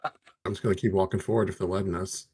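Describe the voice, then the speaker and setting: A man taking part in a tabletop role-playing game, with a somewhat low voice and an offhand, casual way of talking. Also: fairly even intonation, quick pace, mellow, slight background noise. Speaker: player.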